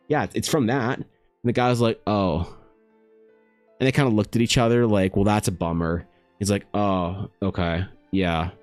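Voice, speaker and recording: A young man casually telling a story to his stream chat, animated and prone to exasperated outbursts. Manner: animated, trails into high exasperated rants.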